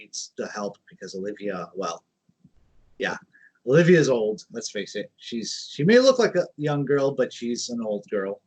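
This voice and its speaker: A man's voice: on the high side, darkish tone. A man hosting a show, talking casually and directly to his viewers. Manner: conversational, addresses the audience. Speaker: host.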